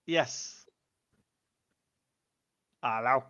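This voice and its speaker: Man, high pitch, slightly muffled stream audio, teasing livestream host. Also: animated, fairly quick, background noise. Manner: teasing, playful, loud bursts. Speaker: livestream debate show host. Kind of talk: casual, joking livestream banter.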